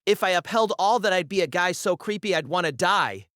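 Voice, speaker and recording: A jittery young man who covers his nerves with sarcastic quips, as a woman puts him on. The voice sits low for her, and its pitch swings widely from line to line. The recording is dry and close. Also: animated, fairly quick, a bit bright, no echo. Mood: wry. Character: anxious, wisecracking young man. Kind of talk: audiobook character voice.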